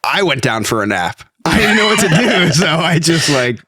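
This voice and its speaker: A man's voice: on the high side, moderate pace, husky, no echo, studio quality. Congested man telling a comic story. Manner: animated storyteller, laughs through his own story. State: a little congested. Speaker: podcast co-host. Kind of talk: casual storytelling chat.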